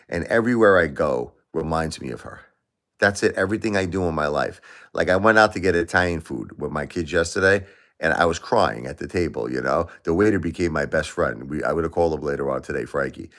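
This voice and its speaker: A man's voice: extremely low pitch, a bit bright. A middle-aged man hosting a livestream, talking emotionally to viewers and repeating himself as he grieves. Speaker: livestream host.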